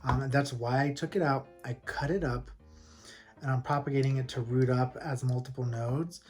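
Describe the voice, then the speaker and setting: A man vlogging from home about his houseplants, telling stories in a loose, rambling, animated way. His voice sits at an ordinary middle pitch. He laughs often along the way, and soft music plays faintly behind him. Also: moderate pace. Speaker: plant collector vlogger. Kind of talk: casual chatty storytelling.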